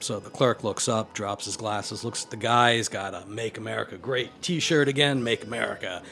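A man's voice: on the low side, normal speed, creaky, fairly bright tone. A man, a lawyer appearing as a radio guest, with a dry storytelling manner. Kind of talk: casual talk, telling a joke.

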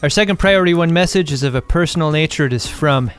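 Upbeat man with a slightly high voice. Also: fast, soft background music. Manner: upbeat, enthusiastic, playful teasing. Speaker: podcast co-host. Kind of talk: casual chat.

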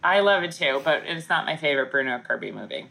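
A woman co-hosting a podcast, her voice pitched slightly low but bright and forceful. She jokes constantly and laughs often in loose, casual conversation. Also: lively intonation, quick pace, creaky. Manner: jokey, laughs often, mock newscaster reading. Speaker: podcast co-host. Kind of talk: casual comedic chat.

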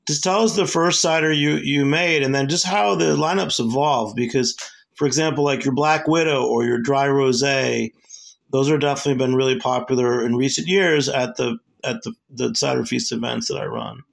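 A man's voice: mid-range voice, fairly even intonation, normal speed, creaky. A man hosting an interview, asking eager questions and stumbling over his openings. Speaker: host, event organizer. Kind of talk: casual interview talk.

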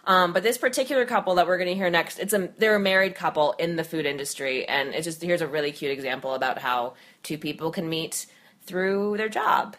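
A woman's voice: lowish voice, brisk, fairly bright tone. A woman hosting a podcast in casual chat, talking freely and laughing easily. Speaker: podcast host. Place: New York.

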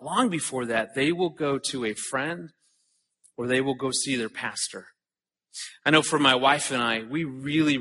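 Man in his 40s, bright tone, earnest conference speaker who tells stories and repeats his words. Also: medium pitch. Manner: earnest, storytelling, repeats words when starting sentences. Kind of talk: earnest conference talk with personal story.

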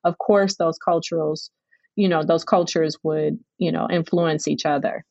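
A woman's voice: low voice, fairly even intonation, normal speed, gravelly, a little mellow, no echo, lo-fi sound. A woman from Chicago hosting a casual interview, chiming in with affirmations and sharing memories. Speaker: host.

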